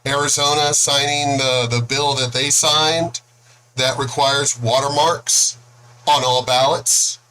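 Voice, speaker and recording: A man's voice: mid-range voice, fairly even intonation, slow pace, sharp tone, clean tone, rough recording. A man, ranting angrily and profanely to camera in a political video blog. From El Paso, Texas. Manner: angry, profane, mocking. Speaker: video blogger.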